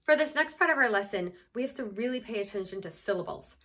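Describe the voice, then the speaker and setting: A woman teacher giving a phonics lesson to young children, sounding out letters and syllables with patient, gentle prompting. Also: fairly high pitch, expressive, fast talker.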